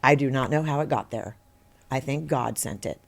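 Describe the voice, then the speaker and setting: Animated woman telling showbiz stories. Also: a bass voice, moderate pace, creaky. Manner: animated, acts out quotes in her story, laughs easily. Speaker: actor, podcast guest. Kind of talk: conversational interview storytelling.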